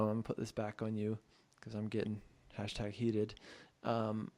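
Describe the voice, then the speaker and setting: A man hosting a podcast in casual chat, animated, playing out clients' lines. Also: on the low side, moderate pace. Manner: animated, acts out clients' voices, laughs often. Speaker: podcast host.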